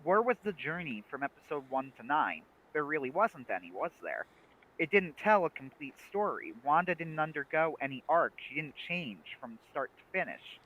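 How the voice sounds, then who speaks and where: Young man, bright tone, slightly high voice, casual livestream chat, animated, frequent restarts. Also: moderate pace, highs cut off. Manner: animated, laughs often, many restarts. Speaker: livestream co-host. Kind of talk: casual chat about a TV series.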